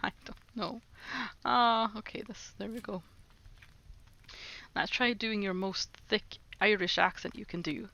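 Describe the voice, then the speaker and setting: A woman's voice: mid-range voice, a little slow, vocal fry, long pauses, bright, forceful tone. A woman streamer chatting casually with her chat, laughing often. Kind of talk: casual livestream chat, reading chat aloud.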